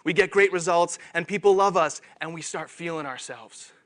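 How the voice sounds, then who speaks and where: Animated high-voiced keynote man. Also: moderate pace. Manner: animated, self-deprecating humor. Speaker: conference keynote speaker. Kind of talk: keynote talk. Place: conference stage before an audience.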